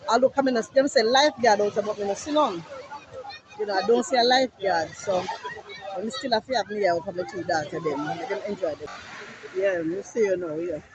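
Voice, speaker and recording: Chatty Jamaican woman on a beach. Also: a little high. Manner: chatty, narrating to camera while at the beach. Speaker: vlogger. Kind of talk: casual vlog chat. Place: busy beach outdoors. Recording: outdoor beach noise behind.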